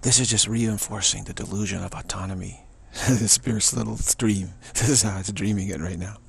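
A man giving a spiritual teaching monologue in a halting, searching way, restarting often, his voice fading toward a whisper. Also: on the low side, fairly even intonation, gravelly, husky.

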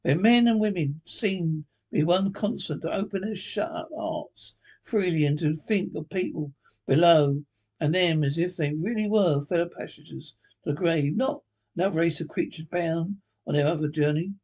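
A man voicing a cheerful, warm-hearted young man who speaks in a bright, eager, pleading way, with a husky voice. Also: fairly high pitch, normal speed. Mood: earnest.

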